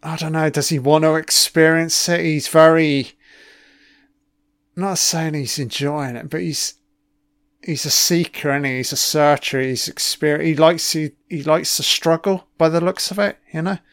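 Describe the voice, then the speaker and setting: A man's voice: a little high, steady tone, normal speed, fairly bright tone, clear, resonant tone, dry recording, studio quality. A man giving a casual first-watch film commentary, reacting with profane, sarcastic remarks.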